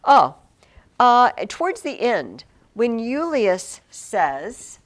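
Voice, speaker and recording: A woman's voice: fairly high pitch, very animated, extremely slow. A woman teaching a Latin class to students, chatty and emphatic, with frequent fillers and restarts. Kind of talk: classroom lesson.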